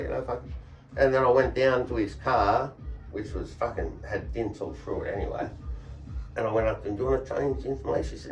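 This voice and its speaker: A man's voice: on the low side, lively intonation, brisk, soft background music. A man with an Australian accent telling blunt, sweary stories in a casual chat, laughing often. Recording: echoey room, voice picked up from a distance.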